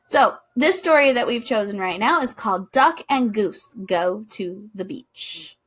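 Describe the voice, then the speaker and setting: A woman hosting a children's storytime, reading a picture book aloud in a bubbly, expressive way and talking directly to the kids. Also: mid-range voice, a little slow, slightly rough.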